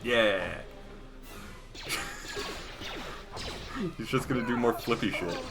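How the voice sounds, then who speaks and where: A man's voice: medium pitch, huge pitch swings, very slow, music in the background. A young man giving casual, joking game commentary as a streamer, laughing often. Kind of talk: casual let's-play commentary.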